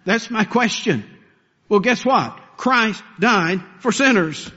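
A man's voice: high voice, animated, slow pace, pushed and bright. Earnest preaching man, dull recording. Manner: earnest preaching, rising to impassioned pleas. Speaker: pastor. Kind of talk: sermon.

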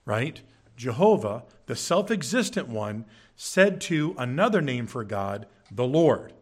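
A man preaching in a church, teaching from scripture with emphatic, animated delivery and frequent check-ins with the congregation. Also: mid-range voice, a little slow. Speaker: pastor. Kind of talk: sermon. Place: church sanctuary.

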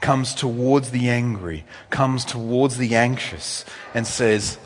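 A male pastor giving a conversational sermon with asides, swinging from loud, high emphasis down to soft, low tones. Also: slow, slight background noise. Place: church hall. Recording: long reverb in a church hall.

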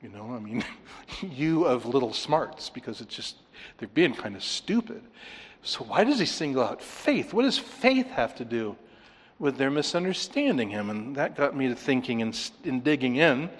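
A man preaching an expository sermon, animated, acting out the voices of the people he talks about. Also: medium pitch, normal speed, breathy edge, in a large hall. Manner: animated, acts out voices of the disciples. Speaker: pastor.

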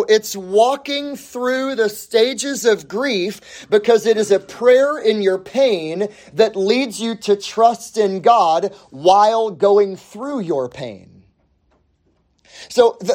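Male pastor in the pulpit: slow, deliberate delivery, pitch rising and falling widely, leans on repeated phrases. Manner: emphatic, repeats key phrases. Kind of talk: sermon.

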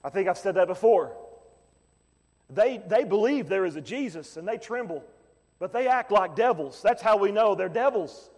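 Pastor preaching hard, drawn-out delivery, repeats himself, gets shouty. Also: male voice, high voice, long reverb tail. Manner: impassioned preaching, rising to shouts, repeating phrases. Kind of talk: sermon.

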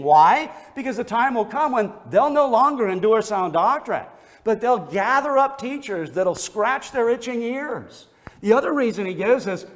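A man's voice: high voice, long reverb tail. A man preaching a sermon as pastor, earnest, often repeating words as he presses a point.

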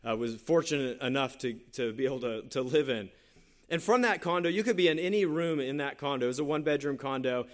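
A man preaching a sermon, earnest and conversational, often repeating his phrases and telling a personal story. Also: fairly high pitch. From San Jose Bay Area, California. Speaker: pastor.

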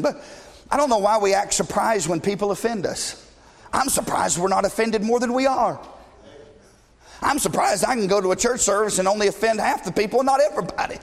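A middle-aged man preaching a sermon as pastor, blunt and passionate, shouting at times and joking with the congregation. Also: high-pitched, vocal fry. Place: church sanctuary. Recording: long reverb of a large church hall.

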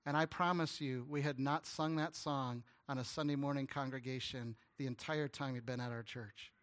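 Bright-voiced earnest male preacher. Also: medium pitch, moderate pace. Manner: earnest, animated storytelling with stammered restarts; drops to a hushed, tender voice at emotional points. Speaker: guest pastor. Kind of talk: storytelling sermon.

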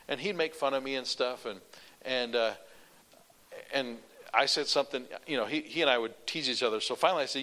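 A male preacher telling a personal story in a sermon, animated, running sentences on with repeated "and". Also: mid-range voice, brisk, pauses often.

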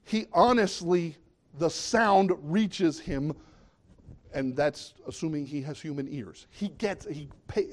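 Conversational male preacher, fairly high voice. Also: darkish tone. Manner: conversational, asks the audience questions. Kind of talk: sermon.

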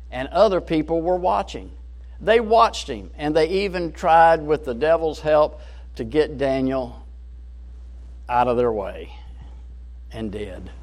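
A man's voice: medium pitch, a little mellow. A man preaching a sermon in an earnest, emphatic way, rising and falling in volume.

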